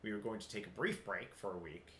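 A man's voice: on the low side, quick pace, echoey room. A man co-hosting a movie podcast, chatting casually and agreeing often with repeated yeahs. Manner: animated, repeats yeah often. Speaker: podcast co-host. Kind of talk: casual chat.

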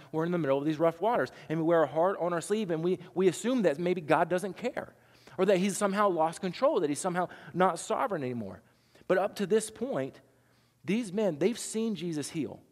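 A man's voice: fairly high pitch, a little mellow, in a large hall. A man preaching a sermon, talking conversationally and asking the congregation rhetorical questions. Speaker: pastor.

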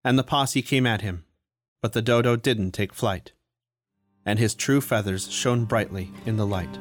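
A man reading a story aloud in a steady, even storytelling manner. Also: on the low side, a little slow, soft background music. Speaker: audiobook reader. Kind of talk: storytelling narration.

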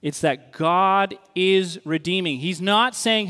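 A male pastor gives an earnest, wry sermon in a slow, unhurried way. His fairly high voice carries a long reverb from a large church hall. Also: sharp tone.

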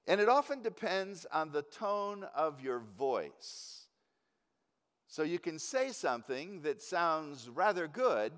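A male preacher teaching in an easygoing, wry way, with chuckles at his own points. His delivery is slow and his pitch swings widely. The recording carries a long, hall-like reverb. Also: a bit bright. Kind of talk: teaching sermon.

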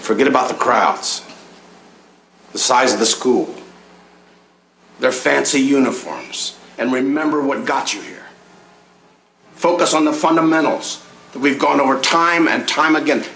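An actor playing a middle-aged basketball coach giving his team a measured pep talk, in an echoey film clip. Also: medium pitch, gravelly, a little hiss or hum. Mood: calm earnest. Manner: calm, measured pep talk rising to a rallying call. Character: steady middle-aged male small-town basketball coach.

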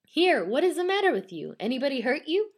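A woman voicing a gruff old male street peddler who speaks roughly and bluntly. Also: fairly high pitch, big pitch swings, extremely slow, pitched above the performer's own voice, exaggerated voice.

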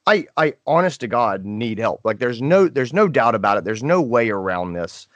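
A middle-aged man, co-host of a podcast, telling a story in casual chat and acting out quotes in high voices. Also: big pitch swings, normal speed, no room sound, muffled recording.

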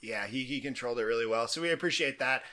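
A man's voice: medium pitch, fast, pushed and bright. A man co-hosting a sports podcast in a casual chat, rambling and enthusiastic with plenty of fillers. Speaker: podcast co-host.

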